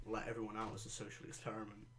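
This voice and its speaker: A man's voice: fairly low pitch, completely flat delivery, racing, background noise. A young man hosting a podcast in casual chat, crude, sarcastic and rambling. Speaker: podcast host.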